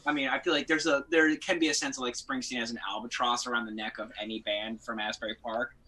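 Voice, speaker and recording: A man's voice: medium pitch, flat delivery, quick pace, bright, forceful tone. A young man from New Jersey, a band member chatting in an interview, rambling and wry, often restarting his sentences. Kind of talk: casual interview chat.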